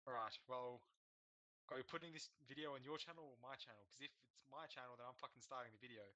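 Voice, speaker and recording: A man's voice: medium pitch, steady tone, fast, pushed and bright, no echo, lo-fi sound. A young man chatting casually and sarcastically while playing an online game, laughing and swearing. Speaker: gamer co-host. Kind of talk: casual gaming chat.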